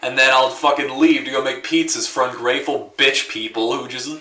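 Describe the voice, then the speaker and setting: A young man co-hosting a casual podcast, telling crude stories in a deadpan way. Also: medium pitch, a little fast, few pauses. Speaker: podcast co-host. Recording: roomy, slightly distant mic.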